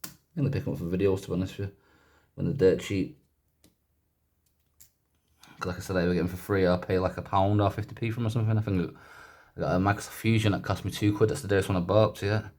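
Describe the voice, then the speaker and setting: A man's voice: deep voice, level tone, quick pace, darkish tone. A man casually talking through a gadget teardown in a chatty, rambling way, often correcting himself. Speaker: YouTuber doing a gadget teardown.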